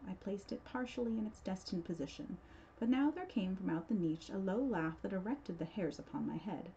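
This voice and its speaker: A woman on the library staff giving a measured, theatrical reading of a horror tale. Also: mid-range voice, expressive, mellow, a little hiss or hum. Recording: dull lo-fi recording.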